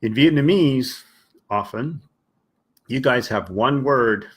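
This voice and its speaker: A man's voice: medium pitch, slow pace, slightly rough. A man teaching English on a live stream, explaining patiently and acting out short example dialogues for his listeners.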